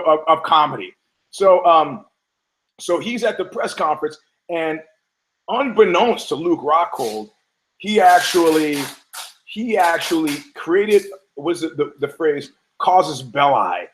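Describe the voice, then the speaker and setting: A man's voice: fairly high pitch, normal speed, rough recording. Man, podcast host, casual monologue, rambling, profane, many restarts, acts out voices in his jokes. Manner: storytelling with voices, laughs at own jokes. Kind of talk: casual sports commentary monologue.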